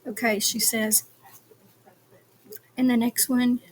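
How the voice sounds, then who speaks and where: A true crime commentator with a slightly high voice discusses a trial at a slow pace, hesitant and full of ums, reading phone call transcripts in a flat, even tone. A faint hiss or hum is audible.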